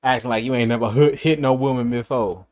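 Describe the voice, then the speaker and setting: A man's voice: medium pitch, steady tone, brisk, a little mellow. Male streamer from Chicago, casual, profane, blunt storyteller. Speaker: livestreamer. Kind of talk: casual livestream chat.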